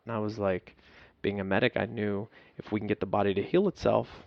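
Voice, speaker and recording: A man's voice: on the low side, flat delivery, a little fast, vocal fry, hardly any pauses, no room sound, muffled recording. A man telling an emotional, profane story as a podcast guest, laughing at himself. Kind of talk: candid storytelling.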